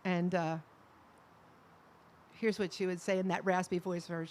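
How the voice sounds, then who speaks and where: A middle-aged woman giving a personal eulogy at a memorial service, telling fond anecdotes with soft laughs. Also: on the low side, little pitch movement, moderate pace, long pauses.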